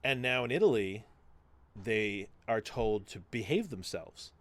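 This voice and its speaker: Animated man retelling a story, dry sound. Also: fairly low pitch, a little slow, dry recording. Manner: animated storytelling, acting out quoted dialogue, casual swearing. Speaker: podcast host. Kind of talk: casual chat, retelling a TV show.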